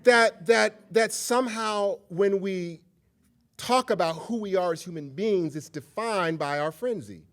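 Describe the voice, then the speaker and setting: A man's voice: high voice, unhurried, a bit bright. A man giving a public lecture, telling stories and talking directly to the audience in a conversational way. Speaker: guest lecturer.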